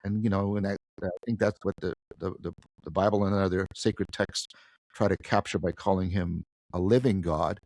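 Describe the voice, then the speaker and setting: A man being interviewed, thoughtfully explaining ideas in a conversational podcast, with lively emphasis and frequent restarts. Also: sits low, normal speed, dry recording. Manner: thoughtful, animated, frequent restarts and self-corrections. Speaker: guest philosopher.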